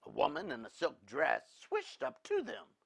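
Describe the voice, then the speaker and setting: A man reading a storybook aloud in an animated, expressive way. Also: mid-range voice, measured pace, gravelly, slightly rough, no room sound, studio quality.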